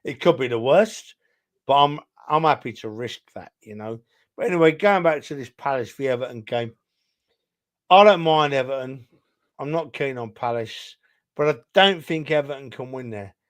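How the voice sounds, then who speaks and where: One co-host of a casual football podcast speaks at a normal speed in an expressive mid-range voice. Having had a few drinks, he rambles emphatically and keeps calling his partner "son."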